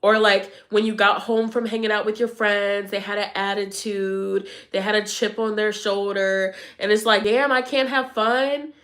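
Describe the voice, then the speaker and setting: A woman's voice: medium pitch, completely flat delivery, normal speed, hardly any pauses, fairly bright tone. A young woman doing a casual tarot reading for viewers, chatty and slangy, with a congested voice. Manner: chatty, slangy and playful, laughs often. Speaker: tarot reader.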